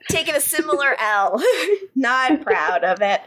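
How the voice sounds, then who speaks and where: A woman's voice: sits high, sing-song, unhurried, a bit bright. A woman co-hosting a podcast, casually recapping a TV episode, swearing freely and laughing often. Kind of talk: casual chat.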